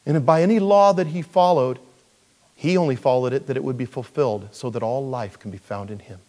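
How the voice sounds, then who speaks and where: Male pastor, informal sermon delivery, animated with quips, mid-pitched voice. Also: a little fast. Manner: conversational, animated, with self-deprecating asides. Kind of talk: verse-by-verse Bible teaching.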